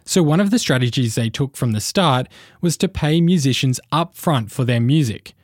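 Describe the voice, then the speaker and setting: A man narrates between interview segments in a scripted, even delivery. His voice sits at a middle pitch. The recording is dry and close. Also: moderate pace, no echo. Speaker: podcast host, narrator.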